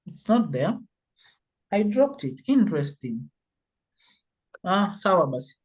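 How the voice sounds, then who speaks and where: Slow, patient language teacher on a video call, laughs easily. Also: medium pitch, sing-song, breathy edge, lo-fi sound. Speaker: Swahili teacher. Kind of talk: online language class.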